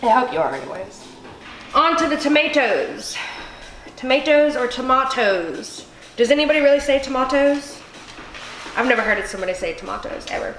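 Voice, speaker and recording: A woman's voice: high voice, expressive, quick pace, slight background noise. A tipsy woman hosting a casual cooking vlog, rambling and swearing freely as she chops. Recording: echoey room with music behind.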